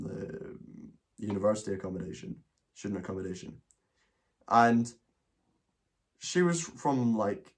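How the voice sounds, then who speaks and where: A man with a Scottish accent hosting a casual livestream Q&A, rambling with many restarts and some swearing. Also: fairly low pitch. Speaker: livestream host answering questions. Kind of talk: casual chat.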